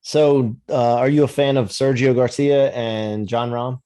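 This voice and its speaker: A man's voice: medium pitch, steady tone, unhurried, mellow, smooth. American guy hosting a podcast, chatty, lots of uh and like. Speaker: podcast host. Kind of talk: casual interview chat.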